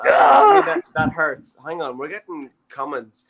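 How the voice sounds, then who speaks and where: A man's voice: fairly high pitch, huge pitch swings, moderate pace, vocal fry, crowd noise. An Irish man hosting a comedy show over a video call, joking and teasing his guests. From Ireland. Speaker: host. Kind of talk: casual chat on a live video show.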